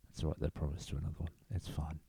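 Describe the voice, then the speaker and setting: A gaming YouTuber plays a football management game in a room at home, rambling casually to viewers with offhand asides, picked up by a desk mic into his computer. His voice rumbles low, level and very fast, creaky and warm with a slightly rough edge.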